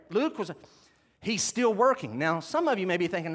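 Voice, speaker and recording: A man's voice: sits high, very animated, normal speed, fairly bright tone. A man teaching a sermon, stressing key words, asking the audience questions and having them take notes. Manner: emphatic, asks the audience questions. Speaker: Bible teacher.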